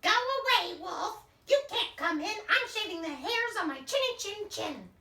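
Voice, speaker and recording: A woman voicing a snappish male pig who yells angrily through his door. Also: very high-pitched, lively intonation, unhurried, echoey room, recorded from a distance, voice pushed up, heavily acted. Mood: indignant.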